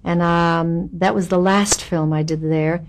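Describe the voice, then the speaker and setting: A woman in her seventies, an actress being interviewed, recalling her career in a candid, wry way with lively asides. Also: lowish voice, measured pace, slight background noise. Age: 70s. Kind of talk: reminiscing interview.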